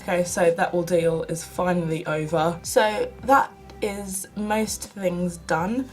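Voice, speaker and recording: A woman's voice: fairly low pitch, steady tone, slow, soft background music, poor audio. A young woman from the UK chatting casually through a makeup tutorial, self-mocking and often half-muttering to herself. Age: young adult. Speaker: beauty vlogger.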